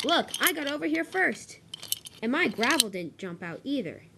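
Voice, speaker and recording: A woman's voice: sits high, very animated, moderate pace, gravelly, very noisy, voice pushed up, exaggerated voice. Woman doing sneering lazy dump truck. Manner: sneering, dismissive. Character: rude male dump truck, lazy and mocking.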